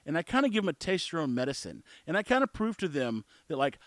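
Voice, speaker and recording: A man's voice: fairly high pitch, very animated, fast talker, no echo. A man in his forties telling a story in a casual monologue, blunt and opinionated, rambling with restarts. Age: 40s.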